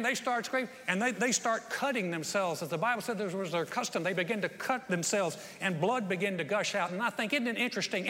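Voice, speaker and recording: A man's voice: high-pitched, bright, forceful tone. A man preaching a sermon, telling a Bible story in a folksy way and acting out the quotes with rising energy. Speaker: pastor. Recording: long hall reverb.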